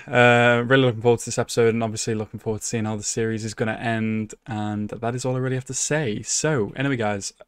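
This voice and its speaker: A man's voice: medium pitch, no room sound, studio quality. A young man hosting an anime reaction video, talking casually and emotionally, swearing and laughing often. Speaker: anime reaction channel host.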